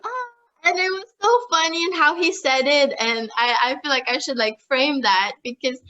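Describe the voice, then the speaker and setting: Young woman guest rambling happily, high bright voice, kinda dull lo-fi sound. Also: moderate pace, slight background noise. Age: young adult. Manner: animated, chatty, peppered with "like", laughs often. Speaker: podcast guest. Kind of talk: casual storytelling interview.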